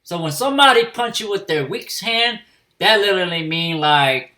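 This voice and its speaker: Man, fairly high voice, bright tone, casual anime review, profane, lots of fillers. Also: animated, moderate pace.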